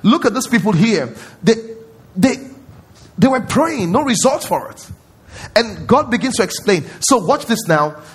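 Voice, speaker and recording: A man's voice: high-pitched, very animated, unhurried, breathy edge. A man preaching a sermon as pastor at a church service, emphatic and repetitive, often quizzing his congregation.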